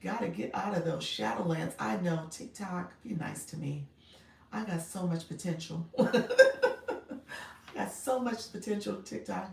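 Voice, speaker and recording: A woman's voice: medium pitch, vocal fry, darkish tone, reverberant, recorded from a distance. A woman, chatting casually on her livestream, giggly and chatty as she answers viewers. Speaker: livestream host and coach.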